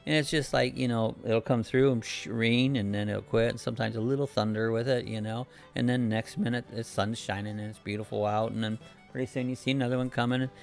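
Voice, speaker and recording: A man hosts a casual live stream from his house, talking with a gravelly edge at an ordinary pitch. He rambles easily from topic to topic and reads out viewers' comments and greetings as they come in. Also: steady tone, brisk, faint music behind. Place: home.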